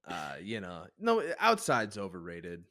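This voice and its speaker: A man's voice: sits low, wildly swooping pitch, measured pace, a bit bright. A man hosting a podcast, chatting casually, telling rambling stories with wry swearing. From Chicago area. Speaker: podcast host. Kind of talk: casual chat.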